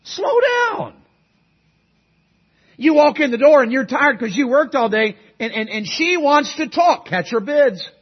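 Fiery preacher, high husky voice. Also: male voice, expressive, normal speed, few pauses, dull audio. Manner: call-and-response preaching, shifting between loud exhortation and quiet earnest asides. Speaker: guest preacher. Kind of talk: sermon.

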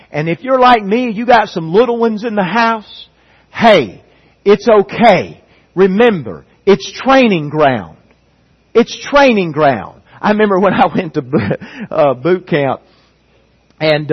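A middle-aged man preaching with a raised, husky voice that sits high for a man. He speaks earnestly and climbs toward emphatic peaks. The recording is dull and lo-fi. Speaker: pastor. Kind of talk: sermon.

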